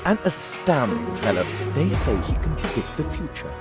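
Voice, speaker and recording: A timid, naive beggar. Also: male voice, mid-range voice, big pitch swings, normal speed, music in the background. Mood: helpful. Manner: timid, eager to please, stammering. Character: meek, naive male beggar in a junk-town sewer. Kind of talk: studio video game voice acting.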